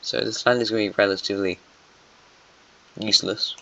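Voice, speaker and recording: A lowish, steady male voice, fairly quick, creaky, pushed and bright, offers meandering commentary on an alternate-history map. He muses casually and corrects himself along the way. A dull lo-fi mic captures it.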